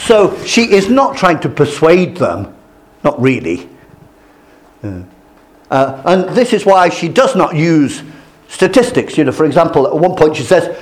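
Casting: older male lecturer, slightly high voice, very animated delivery, storyteller. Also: measured pace. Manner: lively, storytelling, acts out quoted voices. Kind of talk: classroom lecture.

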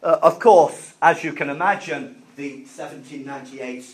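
A man's voice: fairly high pitch, poor audio. Man lecturing with many filler sounds. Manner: halting, many fillers and restarts, explains simply for learners. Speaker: teacher. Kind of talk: classroom history lecture.

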